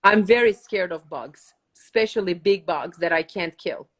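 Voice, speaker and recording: A middle-aged woman hosting a podcast, talking in a blunt, excitable, self-mocking way in casual chat. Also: on the low side, normal speed. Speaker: host.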